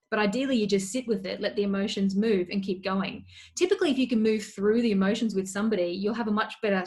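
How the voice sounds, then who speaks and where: Woman coach giving practical advice. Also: medium pitch. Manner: practical, steady, lots of "you know" fillers. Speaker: coach and consultant, guest. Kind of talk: remote webinar advice talk.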